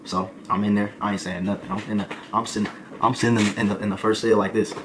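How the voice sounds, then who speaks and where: Background noise accompanies a young adult man streaming, who rattles off a comedic story quickly in a lowish voice. His telling is animated and slangy, dotted with "boy" and "folk."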